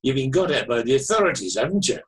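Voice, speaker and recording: A man's voice: mid-range voice, very animated, quick pace, natural voice, poor audio. A man putting on a suspicious Manchester caller. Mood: insistent. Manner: pressing, conspiratorial questions. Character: anxious middle-aged Manchester man, insistent, suspicious.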